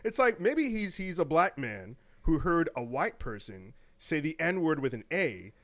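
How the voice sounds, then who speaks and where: A man with a slightly raised pitch talks through gaming news as a podcast co-host. His delivery is animated and loose, with slang, laughter, and words repeated as he builds his point. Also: measured pace. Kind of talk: casual gaming news commentary.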